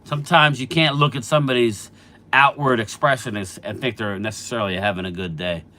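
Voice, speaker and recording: With a bright, forceful medium-pitched voice and a slightly fast pace, a middle-aged sports channel host chats about football on a live stream. He's a little congested from allergies as he reads out viewers' names and answers their messages.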